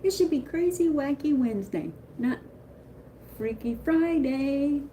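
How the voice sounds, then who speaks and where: Woman streamer, higher register, mellow tone; rambling, excitable live chat. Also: unhurried, a little hiss or hum. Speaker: live streamer greeting viewers.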